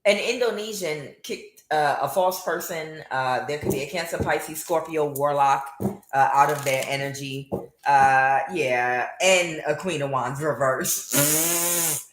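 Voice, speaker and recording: Low-voiced woman giving a mocking tarot reading. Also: slow pace, reverberant. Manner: mocking, scolding, many filler uhs. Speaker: tarot reader. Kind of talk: casual tarot reading monologue.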